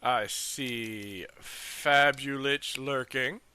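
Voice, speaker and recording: A man hosting a live stream, giving casual shout-outs in a relaxed, amused way. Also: mid-range voice, extremely slow, clean tone, no echo. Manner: relaxed, amused, laughs often. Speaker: streamer host.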